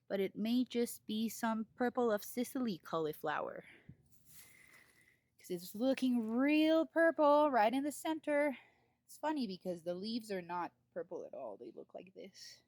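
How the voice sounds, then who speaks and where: A woman's voice: mid-range voice, no room sound. A woman giving a casual garden tour in her vlog, giddy and giggly, outdoors in her home garden. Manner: giddy, giggly, over-excited. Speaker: gardening vlogger.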